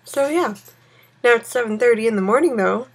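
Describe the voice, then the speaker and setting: A woman's voice: fairly high pitch, a little fast, husky. A woman casually playing a text adventure game, thinking aloud and reading its narration. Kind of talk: let's-play reading and commentary.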